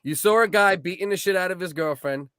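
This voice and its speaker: A man's voice: high voice, a little fast, bright, forceful tone, no echo, clean studio sound. A man co-hosting a comedy podcast, needling his partner with crude jokes and mock summaries. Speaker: podcast co-host. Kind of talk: comedic banter.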